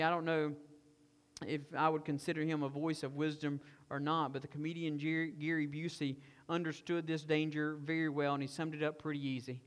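A man preaching a sermon as pastor, animated, acting out a tempter's coaxing and a father's pleading. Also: high voice, big-room sound.

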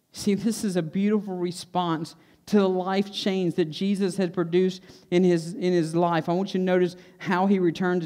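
A man's voice: high-pitched, dark tone. A man preaching a sermon to his church, earnest, repeating phrases for emphasis. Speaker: pastor. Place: church sanctuary.

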